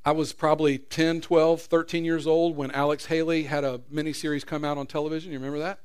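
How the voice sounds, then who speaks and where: A middle-aged man preaching a sermon as pastor, an earnest storyteller who swings from loud emphasis to quiet prayer. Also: fairly high pitch, level tone, fast, clean tone.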